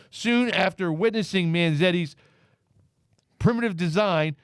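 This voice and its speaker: A man's voice: fairly high pitch, clean tone, dry recording, clean studio sound. Brash, foul-mouthed man reading off a list. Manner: brash, profane, reads facts off a list. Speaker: podcast co-host. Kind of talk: casual comedy podcast banter.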